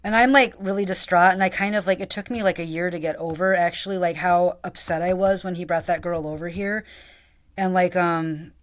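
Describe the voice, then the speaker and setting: A woman's voice: on the low side, fairly even intonation, a little fast. A young woman telling a long, rambling, profane story, venting about a friend and a boss, with lots of "like.". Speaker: vlogger. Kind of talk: casual storytelling rant.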